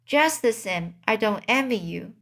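A woman reading aloud, voicing an old female sheep who speaks bluntly and snappishly, slowly. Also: a little high, lively intonation, creaky, exaggerated voice.

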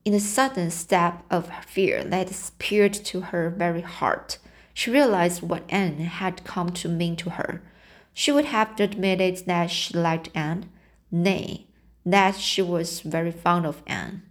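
A woman reading a novel aloud as an audiobook, in a halting way with frequent restarts. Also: fairly low pitch. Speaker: audiobook reader.

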